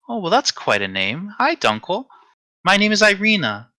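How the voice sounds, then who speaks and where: Brief: man voicing a gentle, tired young woman, lifted pitch, clear bright tone, halting delivery. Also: huge pitch swings, no echo, exaggerated voice. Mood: sweet, polite. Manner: gentle, hesitant, faltering. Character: soft sweet young woman, pale and weary.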